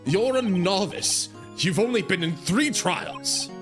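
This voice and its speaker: A man voicing a cold, proud young male prosecutor, speaking low and scornfully while playing through a game. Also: expressive, slow pace, music in the background. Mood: condescending. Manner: clipped, low, scornful delivery. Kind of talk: fan voice-acting a game playthrough.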